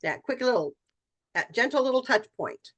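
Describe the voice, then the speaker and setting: A woman's voice: on the high side, animated, moderate pace, a bit bright. A middle-aged woman leading a training session for real estate agents, talking casually and acting out bits of client dialogue. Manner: conversational, acts out client dialogue.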